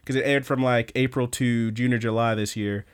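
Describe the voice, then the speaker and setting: A young man co-hosting a podcast in casual chat, excitable and freely swearing as he recaps an anime. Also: medium pitch, moderate pace, smooth. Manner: excitable, swears freely, quotes scenes in voices. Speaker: podcast co-host.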